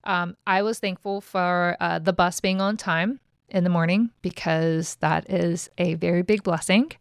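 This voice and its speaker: A woman in her thirties hosts her podcast, talking in a chatty, blunt way with plenty of casual swearing. Her voice sits low and close to the mic. The room sound is dry, with no echo. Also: steady tone, measured pace, clear, resonant tone. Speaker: podcast host. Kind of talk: casual self-help monologue.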